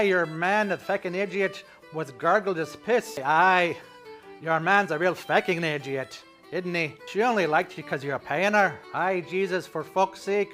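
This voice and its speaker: A man's voice: sits high, a bit bright. A man putting on a put-on Irish accent to voice a bawdy, cheeky stage-Irish man full of swearing and slang. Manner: swearing, slangy, mock-folksy.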